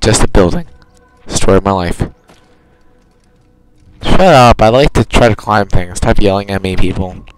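A young gamer talks his way through a video game, rambling and chatty, often backtracking to correct himself. His fairly low, smooth voice is expressive and unhurried, with frequent pauses. The recording is dry and low in quality.

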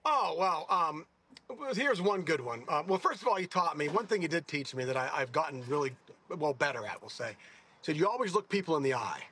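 Guy in his 60s, husky voice, kinda high, rambles and restarts a lot while telling stories. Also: fairly quick. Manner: rambling, self-correcting, animated. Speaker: golfer. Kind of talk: casual storytelling interview.

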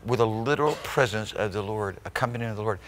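A man preaching a sermon as pastor at a live church service. He swings between loud, emphatic exclamations and soft, intimate asides, often checking in with the congregation. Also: fairly low pitch, fast, in a large hall, a little hiss or hum. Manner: rhetorical check-ins with the congregation.

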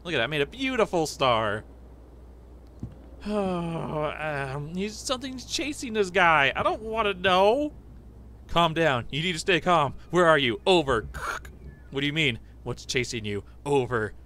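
A young man narrates his horror game playthrough in an excitable, jumpy way. His voice sits high and swings wildly in pitch as he chatters to viewers. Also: a little slow, a little hiss or hum. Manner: excitable, jumpy, laughs and yelps often. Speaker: gaming channel host. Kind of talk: let's play commentary.

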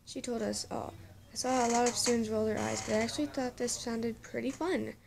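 A woman's voice: fairly high pitch, steady tone, brisk, vocal fry, noisy background. Woman stumbling through reading a story. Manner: stumbling reading with frequent self-corrections; breaks off into laughing, exasperated asides. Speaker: story reader. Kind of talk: reading a fan story aloud with reactions.

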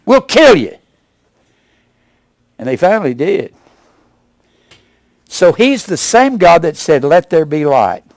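Older man preaching, dry and lively. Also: a little slow, pauses often, no room sound. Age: 70s. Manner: emphatic preaching, rising to loud punches then dropping low. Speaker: pastor. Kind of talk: sermon.

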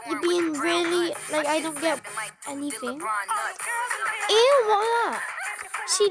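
A high-pitched woman hosts a reaction video with dramatic, outraged commentary and frequent exclamations. Music plays clearly behind her voice. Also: animated, unhurried. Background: music playing.

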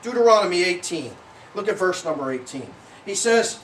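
In a church sanctuary, a middle-aged man preaching as pastor rambles, corrects himself, and leans on many fillers. His high, slightly bright voice swings widely in pitch at a normal speed. Captured by a distant mic, the sound is roomy, with slight background noise.

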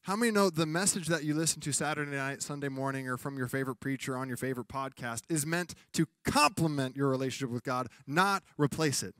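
A man's voice: medium pitch, fast, few pauses, a bit bright, no room sound, clean studio sound. A man preaching a sermon as pastor in a church, talking conversationally and acting out funny exchanges. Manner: conversational preaching with comic acted-out quotes.

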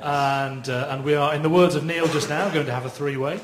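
A man's voice: fairly high pitch, steady tone, brisk, a crowd in the background. A man hosting a live event and calling people to the stage, cheerful with hesitant fillers. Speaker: event host. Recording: echoey room, off mic.

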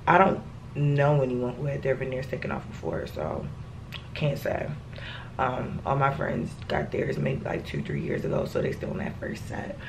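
A woman's voice: sits low, creaky, darkish tone, a little hiss or hum. A young woman in her twenties vlogging to camera in casual slang, swearing freely. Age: 20s. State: mouth numb and swollen, talking stiffly. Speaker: travel vlogger.

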